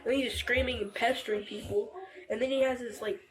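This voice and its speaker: A teenage girl inside her family home telling a deputy what happened, halting and rambling with many fillers and restarts, picked up by an officer's body camera. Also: on the high side, steady tone, poor audio. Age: teens. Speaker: family member reporting to deputy. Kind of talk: recounting events to police.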